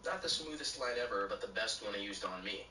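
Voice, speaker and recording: A man's voice: fairly low pitch, animated, a little fast, pushed and bright, a little hiss or hum. Distant echoey synthetic male narrator. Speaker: story narrator. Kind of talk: text-to-speech reading of bartender stories.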